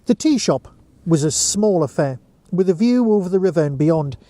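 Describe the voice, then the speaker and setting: A man reading a short story aloud in a steady storytelling manner. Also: high voice, moderate pace, no echo. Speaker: narrator.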